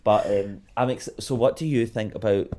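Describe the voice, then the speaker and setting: A man co-hosting a podcast, chatting in a gossipy way with lively swings of emphasis. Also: on the low side, normal speed. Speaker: podcast co-host. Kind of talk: casual chat.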